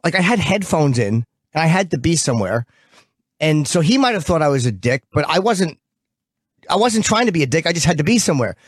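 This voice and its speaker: Blunt, profane radio host, dry studio. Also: male voice, a little high, brisk, slightly rough, no room sound. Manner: blunt, profane, animated storytelling. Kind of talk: casual radio banter.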